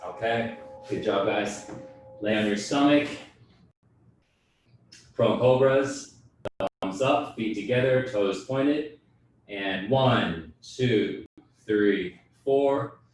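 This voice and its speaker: Calm male workout coach in echoey room. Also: on the low side, very slow, long pauses, distant mic, soft background music. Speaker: fitness and breathwork instructor. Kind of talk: guided group workout instruction.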